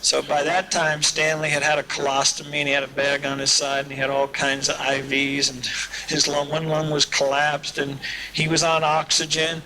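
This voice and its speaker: Recorded on a hissy old cassette, a man gives a live storytelling talk at a recovery meeting during a summer event, sharing humorous tales in a folksy way. His voice is on the high side and monotone, at a moderate pace.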